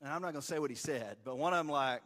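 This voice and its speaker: A pastor in his forties tells a story from the pulpit, casual and self-deprecating in an easygoing, conversational sermon. His voice sits a little high for a man. It carries a long reverb tail through a large church sanctuary. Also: racing, a bit bright.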